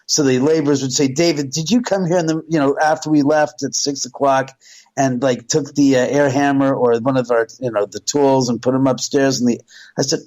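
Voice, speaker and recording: A middle-aged man tells a story as a radio guest. He is animated and acts out the voices of the people in it, raising and dropping his pitch as he quotes them. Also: brisk, poor audio. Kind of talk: storytelling on a call-in radio show.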